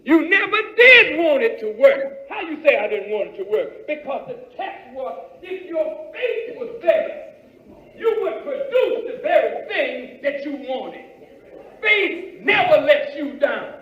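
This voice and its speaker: High-pitched, slow preaching man. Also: sing-song, reverberant, low-quality recording. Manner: acts out dialogues with his congregation; emphatic, bursts into shouts. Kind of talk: sermon.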